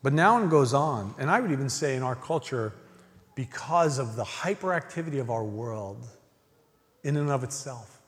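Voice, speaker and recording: A male pastor delivers a sermon in an earnest voice of middle pitch. He presses with emphatic questions, then drops to hushed, almost whispered lines. His voice rings with the long reverb of a large church hall. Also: lively intonation, moderate pace.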